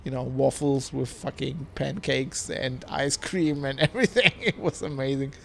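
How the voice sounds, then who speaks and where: A man's voice: mid-range voice, normal speed, vocal fry, fairly bright tone, soft background music. A man chatting casually on a live stream, tipsy and rambling, laughing often and swearing. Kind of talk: casual chat.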